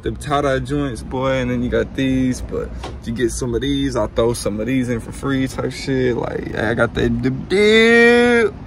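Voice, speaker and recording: A man vlogging casually, telling a story in an animated, slangy way and plugging his merch. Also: medium pitch, normal speed, slight background noise.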